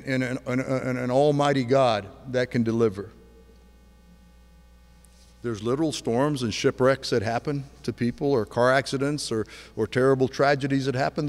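Animated preacher man in a reverberant hall. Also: fairly high pitch. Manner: animated storytelling, swings from loud to hushed. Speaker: pastor. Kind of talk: sermon.

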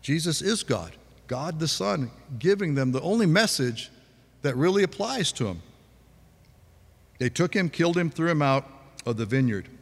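A man's voice: fairly high pitch, big pitch swings, normal speed, vocal fry, long pauses, husky. Conversational male preacher in a reverberant hall. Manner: conversational preaching with audience questions. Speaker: pastor. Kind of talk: sermon.

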